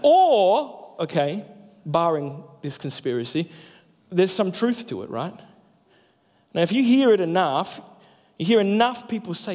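A man, a pastor, preaching a sermon with emphatic delivery that slows down for key phrases. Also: sits high, big pitch swings, a little mellow. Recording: long hall reverb.

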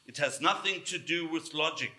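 A preacher voicing a sly, unrepentant scorpion. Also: male voice, a little high, moderate pace, bright, forceful tone.

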